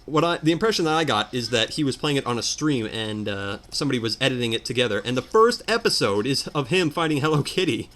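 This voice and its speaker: A let's player with a mid-range, somewhat bright voice rants in exasperated commentary over his gameplay. He talks fast with lively intonation and few pauses.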